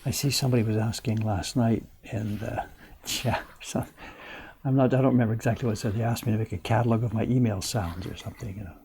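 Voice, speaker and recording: An older man chatting casually as he works at woodblock carving in his print workshop, thinking aloud and sometimes dropping his voice low. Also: fairly even intonation, quick pace, creaky, darkish tone, a little hiss or hum. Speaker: printmaker streaming live. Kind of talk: casual chat while working.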